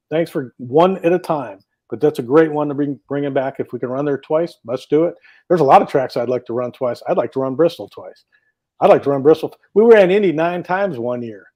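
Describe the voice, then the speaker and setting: His fairly high, warm voice is expressive and moves at a moderate pace. This guest, a drag racing driver, tells enthusiastic, wandering stories during a casual talk show interview conducted by video call.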